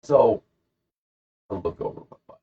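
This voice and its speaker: A man's voice: unhurried, dark tone. A man co-hosting a podcast who tells a rambling, jokey story in casual chat. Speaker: podcast co-host. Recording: dull lo-fi podcast recording.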